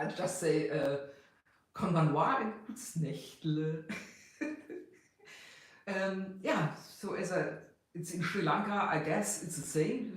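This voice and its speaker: German man in a very echoey room. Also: high voice. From Hanover, Germany. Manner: halting, chatty, laughs often. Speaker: livestream host. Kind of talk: casual chat.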